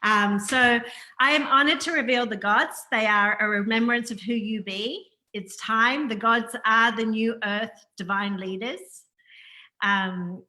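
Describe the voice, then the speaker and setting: A woman's voice: a little high, unhurried, bright, forceful tone. A woman hosting a spiritual interview, who speaks in an earnest, affirming way and repeats her phrases. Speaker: host. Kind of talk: spiritual interview, scripted intro.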